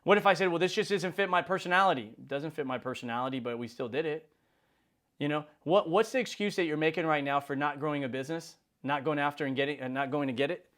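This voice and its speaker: A man's voice: on the high side, fast, a bit bright. A man in his forties giving a casual, slangy motivational talk as host, often acting out little conversations. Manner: casual, slangy, acts out quoted dialogue. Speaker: insurance business leader and video host.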